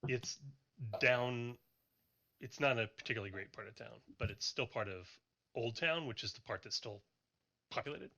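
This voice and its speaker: Bright-voiced male game master. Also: mid-range voice, normal speed, pauses often. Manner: rambling, self-correcting. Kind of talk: narrating a tabletop game.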